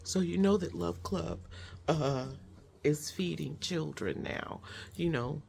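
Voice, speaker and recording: A woman's voice: low-pitched, very animated, slow, gravelly, a little mellow, a little hiss or hum. A woman hosting a personal vlog, speaking in an effusive, emotional way with many fillers. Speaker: host. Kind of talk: heartfelt personal vlog chat.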